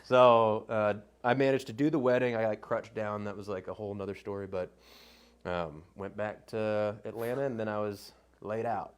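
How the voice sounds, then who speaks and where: A man on a podcast telling a story in a rambling casual way, getting animated when he quotes himself. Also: lowish voice, normal speed, smooth.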